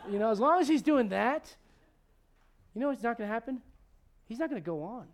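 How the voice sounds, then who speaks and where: A man's voice: high-pitched, lively intonation, moderate pace. A man in his forties preaching a sermon, acting out Bible characters with humor. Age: 40s. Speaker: pastor.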